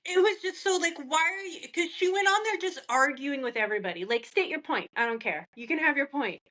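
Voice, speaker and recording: A woman's voice: high-pitched, animated, a little fast, pushed and bright. A woman co-hosting a podcast, ranting in casual chat with plenty of profanity. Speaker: podcast co-host, group admin.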